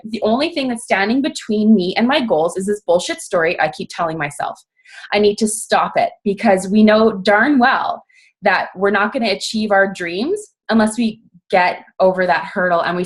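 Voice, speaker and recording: A young woman giving a casual motivational talk, chatty and self-mocking, full of "like" and acted-out quotes. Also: medium pitch. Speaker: guest speaker on a coaching team call.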